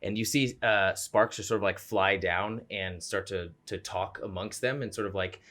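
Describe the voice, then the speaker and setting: A man's voice: fairly low pitch, steady tone, moderate pace, few pauses, fairly bright tone. A young man narrating a tabletop game as game master, rambling with many fillers, on a home mic over a voice call.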